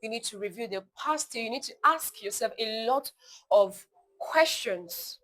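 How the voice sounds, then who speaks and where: A woman hosts a motivational podcast in a bright, clear voice. She drives her points home through repetition and throws in lively asides to her listeners. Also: fairly high pitch, unhurried, low-quality recording. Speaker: podcast host.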